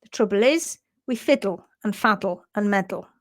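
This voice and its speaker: A woman's voice: medium pitch, normal speed. A woman presenting a casual live stream on hoof care, chatty and giggly.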